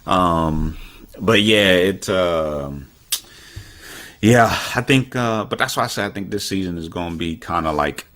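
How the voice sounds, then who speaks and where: A man's voice: sits low, a little slow, a bit bright. A man co-hosting a casual sports talk podcast, rambling with frequent fillers and restarts. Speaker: podcast co-host.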